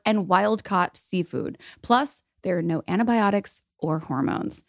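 A woman's voice: mid-range voice, dry recording, studio quality. A woman co-hosting a podcast, chatting casually and reading an ad in an upbeat, bubbly manner. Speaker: podcast co-host. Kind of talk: casual chat and host-read ad.

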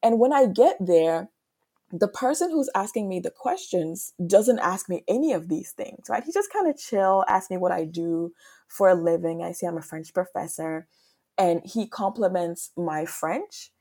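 A Ghanaian woman who teaches French at university speaks reflectively as a podcast interview guest, thinking aloud and often checking in with "right?". Her voice is lowish, expressive and mellow, at a normal speed.

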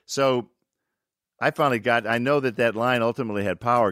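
A man's voice: mid-range voice, fast, clean tone, no room sound, clean studio sound. An older man telling stories casually, acting out quotes and cursing freely. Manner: animated, acts out quotes, profane. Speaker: actor telling set stories. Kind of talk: casual storytelling chat.

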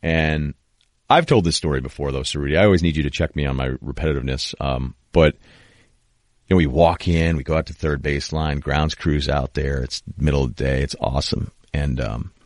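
Low-voiced rambling man hosting a podcast. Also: moderate pace, dry recording, clean studio sound. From New England. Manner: rambling, storytelling with many fillers and restarts. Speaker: podcast host. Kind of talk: casual podcast talk.

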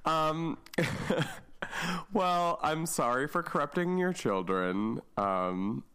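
A man's voice: on the high side, expressive, takes it slowly, crowd noise. A young man co-hosting a podcast in casual chat, bawdy and playful, laughing often. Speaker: podcast co-host.

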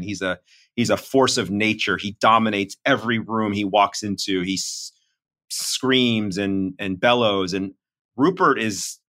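A middle-aged man talking through a podcast discussion in a measured, analytical way, with many fillers. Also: lowish voice, sharp tone. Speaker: reporter and podcast co-host.

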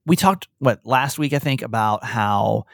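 A man's voice: medium pitch, unhurried, creaky, no room sound, clean studio sound. A young adult man co-hosting a podcast, talking candidly in a casual chat and pushing with frank questions. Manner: candid, animated, talks in bursts with restarts. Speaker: podcast co-host.

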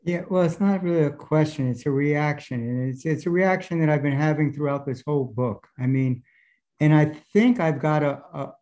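A man's voice: a little high, moderate pace, a little mellow. A male student in a religious study class, thinking aloud as he raises a question and proposes his own answer. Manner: thoughtful, reasoning aloud.

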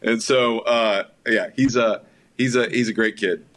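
Low-voiced man telling stories as guest. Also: fairly even intonation, unhurried, fairly bright tone. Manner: enthusiastic anecdotal storyteller. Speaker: filmmaker guest. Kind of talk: casual storytelling interview.

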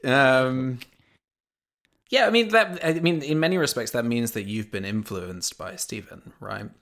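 A man co-hosting a podcast, making wry, deadpan quips in casual chat. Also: mid-range voice, unhurried. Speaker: podcast co-host.

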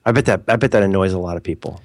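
A man's voice: deep voice, racing, creaky, darkish tone, dry recording, studio quality. Curious, rambling American man. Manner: rambling, inquisitive, stumbling over words. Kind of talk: casual chat.

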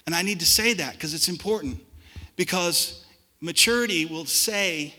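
A man preaching a sermon as pastor, swinging between hushed, reflective passages and loud, forceful outbursts. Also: high-pitched, normal speed, big-room sound. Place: church sanctuary.

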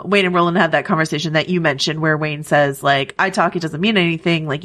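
A woman's voice: on the low side, a bit bright. A woman co-hosting a TV recap podcast, chatting casually with lots of likes and ums. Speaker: podcast co-host. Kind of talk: casual chat.

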